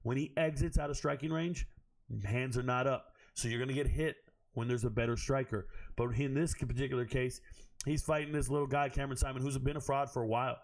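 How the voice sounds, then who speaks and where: A man hoarse from screaming, giving a blunt, profane and animated monologue recapping fights and bets as the show's host. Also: medium pitch, brisk. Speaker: MMA betting analyst.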